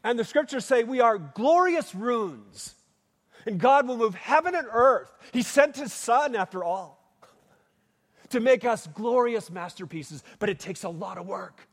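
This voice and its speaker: Lively high-voiced male preacher. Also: measured pace. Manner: expressive preaching with frequent rhetorical questions to the congregation. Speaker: pastor. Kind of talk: sermon. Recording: long hall reverb.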